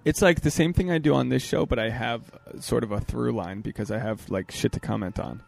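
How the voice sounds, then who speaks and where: A man hosting a podcast in casual chat, talking fast and excitably, interrupting himself and restarting, on an outdoor hotel balcony. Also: medium pitch, creaky. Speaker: podcast host.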